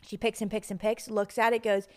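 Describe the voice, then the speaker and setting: A woman's voice: mid-range voice, little pitch movement, brisk. A woman co-hosting a casual podcast, chatty and giggly, often poking fun at herself, with a slightly stuffy nose. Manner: giggly, self-deprecating, chatty. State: pregnant, runny nose. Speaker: podcast co-host. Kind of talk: casual chat.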